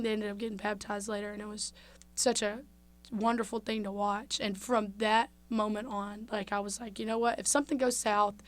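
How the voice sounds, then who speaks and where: Heartfelt young woman storyteller. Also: medium pitch. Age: young adult. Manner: heartfelt, animated, drops to a hush at tender moments. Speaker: guest. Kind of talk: casual interview storytelling.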